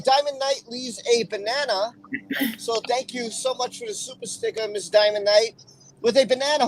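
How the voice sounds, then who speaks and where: High-voiced male live-stream host. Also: rough recording. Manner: chatty, jokey, thanks viewers. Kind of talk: casual live-stream chat.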